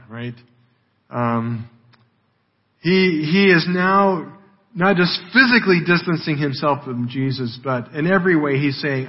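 A man's voice: medium pitch, breathy edge. A man preaching a sermon in a conversational way, often checking in with "right?", heard on a dull, lo-fi recording. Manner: conversational, with frequent "right?" tags. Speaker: pastor.

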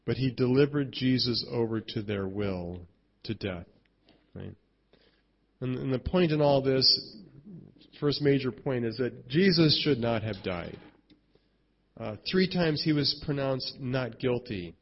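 Husky-voiced man preaching conversationally. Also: medium pitch, lively intonation, unhurried, highs cut off. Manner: conversational preaching with frequent rhetorical "right?" and restarts. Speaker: pastor. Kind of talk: sermon.

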